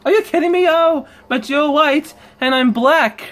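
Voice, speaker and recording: A woman voicing a hot-tempered young male raccoon who is a sore loser, whiny and shouting. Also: high voice, animated, slow pace, pitched above the performer's own voice, exaggerated voice. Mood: outraged. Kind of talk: fan-made character voice acting.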